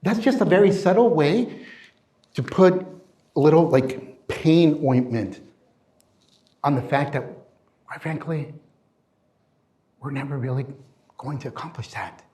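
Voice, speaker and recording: A middle-aged man giving an energetic motivational talk as a career coach, telling stories and acting out quoted people in playful voices. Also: fairly high pitch, a little slow, pauses often, reverberant.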